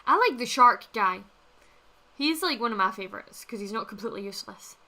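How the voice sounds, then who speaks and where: A young woman talks casually to her livestream viewers. Her voice is bright and forward, and she is blunt and chatty, laughing easily and swearing freely as she replies to chat. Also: a little high, expressive, brisk. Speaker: livestream host reading chat.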